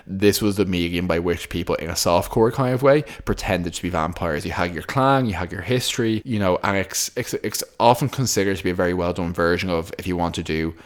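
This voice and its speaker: A man's voice: sits low, a little fast, hardly any pauses. A man co-hosting a podcast, chatting casually and rambling with many restarts. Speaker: podcast co-host. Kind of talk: casual chat.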